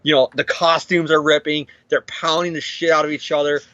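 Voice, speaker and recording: A man on a podcast recapping a story in casual chat, animated, jumping into quick character voices and swearing. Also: a little high, no room sound, lo-fi sound. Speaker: podcast co-host.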